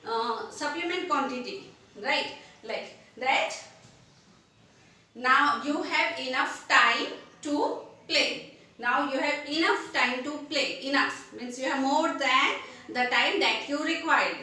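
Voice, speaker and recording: High, bright woman teaching in an echoey room. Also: distant mic. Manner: repeats words and examples slowly, mixes in Hindi. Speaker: English teacher. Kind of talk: grammar lesson.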